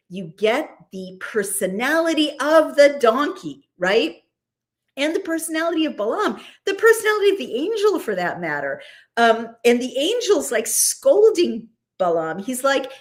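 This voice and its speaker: Lively woman talking through a scripture story. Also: high voice, a little slow. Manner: lively, conversational, frequent asides. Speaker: host. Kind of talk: casual scripture commentary.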